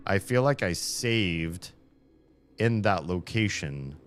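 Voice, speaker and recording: A man's voice: low-pitched, animated, takes it slowly, slight background noise. An American man chatting casually on a live stream, earnest and reflective, drifting from thought to thought. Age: adult with children.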